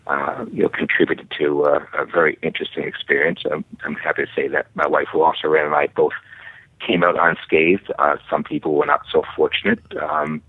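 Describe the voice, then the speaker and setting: A man in his fifties with a Boston accent, a guest calling in, talking in a halting way with many fillers and restarts. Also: very deep voice, creaky, husky, no echo. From Boston area. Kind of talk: casual chat. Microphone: phone. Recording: tinny phone line.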